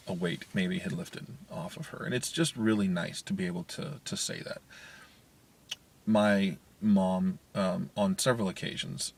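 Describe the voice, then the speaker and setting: A man with a low, slightly husky voice talks to camera from his parked car, thinking out loud about being a parent. He rambles candidly, with frequent restarts and fillers. The sound is a small built-in mic in a closed car. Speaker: vlogger, parent. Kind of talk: casual talk to camera. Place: parked car in a parking garage. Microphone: handheld media player's built-in mic.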